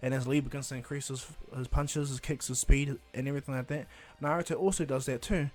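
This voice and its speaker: A man's voice: mid-range voice, fairly even intonation, fast talker, darkish tone. A man casually retelling a fan story, rambling along with restarts and "and he goes.".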